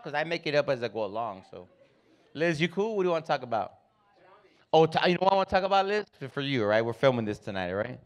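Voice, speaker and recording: A man doing profane, loud stand-up comedy in a club, riffing with the crowd on a handheld mic. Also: medium pitch. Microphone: handheld stage mic.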